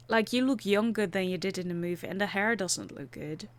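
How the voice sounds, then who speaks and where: A woman playing a video game and chatting softly and playfully as she goes. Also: mid-range voice, brisk, hardly any pauses. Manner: soft-spoken, chatty and playful. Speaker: gaming channel host. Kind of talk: casual game commentary.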